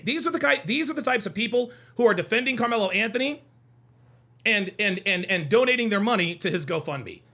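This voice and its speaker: A young adult man hosts a heated call-in stream, answering chat with combative, mocking jabs and hammering the same points again and again. His voice sits high for a man, gravelly and forceful, and it swings widely in pitch. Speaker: host of a call-in show.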